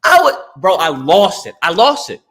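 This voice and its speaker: A man's voice: high-pitched, moderate pace, breathy edge. A man in casual podcast chat, telling stories animatedly and acting out what others said. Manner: animated storytelling, acts out quoted voices. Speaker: guest.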